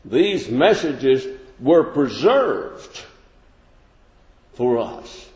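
A man's voice: mid-range voice, sing-song, very slow, a little mellow. A man teaching a plain-spoken Bible lesson, folksy and full of restarts. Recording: echoey hall, dull lo-fi sound.

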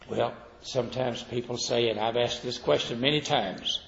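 Folksy gravelly older preacher in a hall. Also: male voice, mid-range voice, moderate pace, a little hiss or hum. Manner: folksy, animated storytelling that acts out quoted voices. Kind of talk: sermon. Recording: roomy hall reverb, dull lo-fi sound.

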